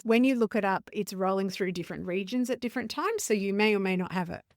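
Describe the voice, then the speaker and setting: A woman's voice: medium pitch, no echo, studio quality. A woman hosting a podcast as a business coach, talking in an earnest, conversational way and correcting herself as she goes. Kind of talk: podcast monologue.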